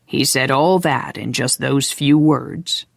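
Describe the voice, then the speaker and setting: A narrator voicing a wealthy, genial older gentleman who speaks slowly and teases gently. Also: medium pitch, gravelly, no room sound, studio quality. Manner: slow, measured, drawling. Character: wealthy genteel older man, teasing and genial.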